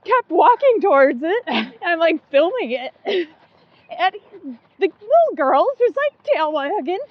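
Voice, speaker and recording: Giggly high-voiced woman chatting. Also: very animated, slow, no echo, dull audio. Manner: chatty and giggly, many likes and ums. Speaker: podcast co-host. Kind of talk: casual chat.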